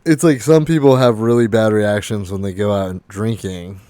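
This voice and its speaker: Low, smooth-voiced young male host. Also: steady tone, normal speed, dark tone, no room sound. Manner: laid-back and encouraging, with short agreeing replies. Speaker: podcast host. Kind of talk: casual podcast chat.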